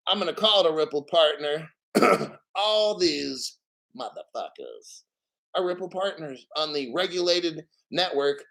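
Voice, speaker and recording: A man's voice: on the high side, sharp tone, poor audio. Profane boastful crypto host, brash man. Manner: boastful, swearing, laughing, reads article aloud. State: emotional, near tears. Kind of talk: profane excited commentary.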